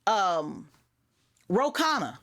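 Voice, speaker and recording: A woman guest on a panel discussion, speaking bluntly and emphatically and mocking others in quick impressions. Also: medium pitch, sing-song, fairly bright tone.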